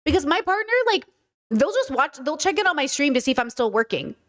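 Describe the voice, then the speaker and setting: A woman's voice: sits high, sing-song, fairly quick. A woman streamer giving opinionated casual commentary, joking around with many "like" and "okay" asides.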